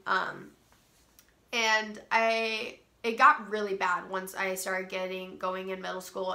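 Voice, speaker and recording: Young woman, stuffy nose, bright tone, rambling with ums, roomy echo. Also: mid-range voice, vocal fry. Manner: rambling, lots of ums and restarts. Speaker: vlogger. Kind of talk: casual personal storytelling. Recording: roomy echo, faint music.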